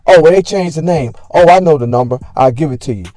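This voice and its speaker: Guy narrating recaps between clips, mellow darkish voice, sums stuff up. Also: fairly high pitch, fast talker, no echo.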